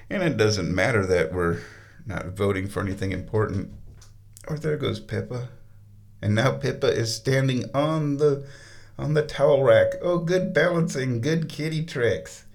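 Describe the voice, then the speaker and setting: A man in a bathtub, rambling casually and slipping into high baby-talk to his cat. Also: a little slow, gravelly, long pauses, a little mellow. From United States. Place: bathroom, sitting in a bathtub.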